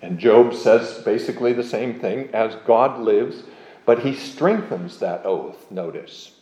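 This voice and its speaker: A man giving an expository Bible lecture, explaining verses with measured, emphatic readings of scripture. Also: fairly low pitch, expressive, mellow, echoey room, low-quality recording. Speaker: Bible teacher.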